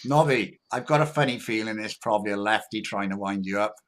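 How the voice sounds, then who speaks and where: Casual livestream host. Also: male voice, lowish voice, fairly quick. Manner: laid-back, stumbling restarts, says "mate".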